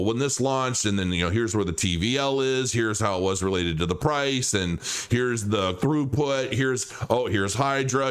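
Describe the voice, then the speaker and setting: A man's voice: mid-range voice, clean tone. A man speaking as a crypto commentator in a loose, unscripted rant. He is blunt and swears freely. He stumbles over repeated words as he restarts his thoughts. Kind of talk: casual vlog rant.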